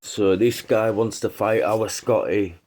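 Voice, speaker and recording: Rambling man with a lowish voice. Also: steady tone, measured pace, a little mellow. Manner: rambling, hesitant, with swearing. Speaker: YouTube channel host. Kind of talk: casual commentary.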